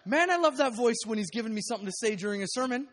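High-voiced male pastor in a reverberant hall. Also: lively intonation, very fast, a bit bright. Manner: candid, self-deprecating, rambling with restarts and laughs. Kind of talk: sermon. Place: church sanctuary.

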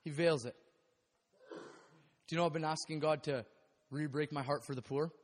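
High-voiced male pastor in a reverberant hall. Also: fairly even intonation, normal speed. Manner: candid, self-deprecating, rambling with restarts and laughs. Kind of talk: sermon. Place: church sanctuary.

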